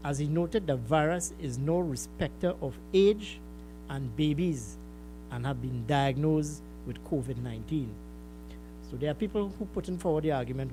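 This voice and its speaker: A man's voice: fairly high pitch, brisk, warm tone, soft background music, low-quality recording. A man with a Trinidadian accent hosting a call-in radio show, stressing and repeating key points. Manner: emphatic, repeats key words to stress them.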